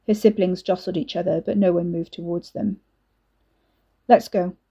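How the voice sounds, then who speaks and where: A woman narrates a dark story in a steady, measured way. Her voice is warm and mellow, with a breathy, husky quality. The recording sounds dull and lo-fi. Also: on the low side.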